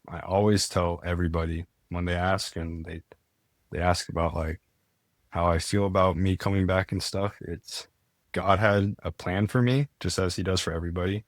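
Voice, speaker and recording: Low-voiced young man telling his story. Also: fairly even intonation, normal speed, dry recording, clean studio sound. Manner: earnest, many "like" fillers and restarts. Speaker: podcast guest. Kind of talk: casual storytelling.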